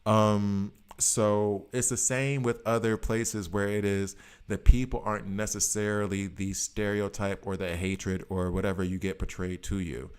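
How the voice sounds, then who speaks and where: A man's voice: on the low side, little pitch movement, measured pace, smooth. An American man in his late thirties, chatting loosely with viewers on a live stream in a rambling, slangy way. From United States. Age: 30s. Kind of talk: casual chat with viewers.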